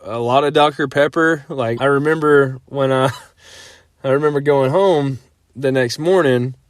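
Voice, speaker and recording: A man's voice: mid-range voice, a little slow, no echo, clean studio sound. A man in his thirties casually telling a rambling personal story, full of fillers and frequent laughs.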